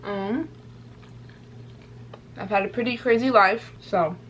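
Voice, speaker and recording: A woman's voice: medium pitch, takes it slowly, a bit bright, highs cut off, a little hiss or hum. A young woman vlogger chatting casually to her viewers while she eats. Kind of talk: casual mukbang chat.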